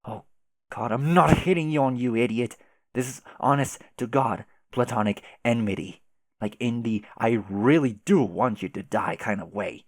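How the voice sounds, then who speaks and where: A man's voice: medium pitch, normal speed, no echo, clean studio sound, lightly acted. Karkat, a man voicing a furious swearing troll. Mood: angry. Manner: shouty, insulting, swears constantly. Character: furious foul-mouthed young male troll. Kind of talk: reading a webcomic chat aloud.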